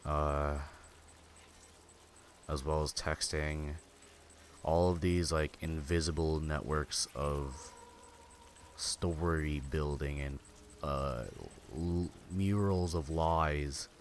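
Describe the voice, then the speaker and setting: A man's voice: a bass voice, steady tone, drawn-out words, long pauses, a little hiss or hum. A man streaming a game, venting in rambling casual chat full of filler words and swearing. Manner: venting, bitter. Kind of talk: casual chat while gaming.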